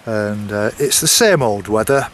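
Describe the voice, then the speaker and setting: A man's voice: fairly low pitch, lively intonation, unhurried, a little hiss or hum. A man chatting casually to his viewers while out on a coastal walk, rambling a little and apologising now and then. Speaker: walking vlogger. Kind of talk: casual walking vlog to camera.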